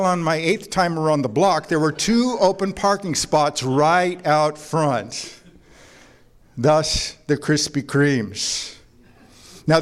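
A man preaching a sermon to a congregation, mixing scripture with jokes and anecdotes in a conversational way. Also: a little high. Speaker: pastor. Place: church before a congregation.

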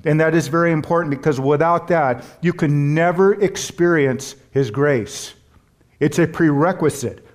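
A male pastor delivering a sermon in a slightly raised voice. He preaches earnestly and emphatically, drawing out key words slowly and then hurrying through asides. He often turns to the congregation with questions. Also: fairly high pitch. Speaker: pastor and Bible teacher.

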